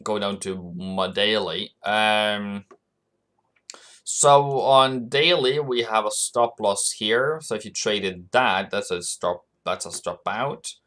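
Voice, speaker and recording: A man hosts a live forex trading stream, chatting casually, answering viewers by name, and laughing often. His voice is fairly low with a sharp tone, and he speaks at a slow pace.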